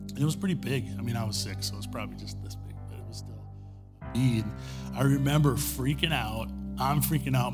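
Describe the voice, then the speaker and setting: A middle-aged man preaching in a church, telling stories in a conversational way and pleading earnestly with the congregation. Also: mid-range voice. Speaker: pastor. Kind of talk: sermon. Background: guitar playing.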